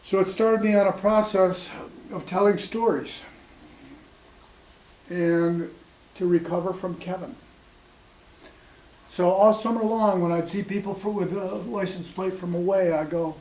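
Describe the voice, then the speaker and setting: A man in his sixties telling personal stories to a small audience, in a halting, conversational way full of ums and restarts. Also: sits high, steady tone, a little mellow. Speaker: storyteller at an open mic. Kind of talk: spoken storytelling to a small audience. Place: small cafe gathering room. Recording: echoey room with faint ambience.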